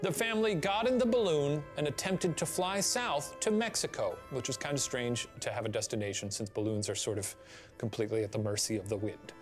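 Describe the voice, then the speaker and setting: A man co-hosting a show, narrating a story to his co-host in a playful, animated way. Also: mid-range voice, brisk, faint music behind. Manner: animated and playful, with sudden exclamations. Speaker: co-host presenting a theory.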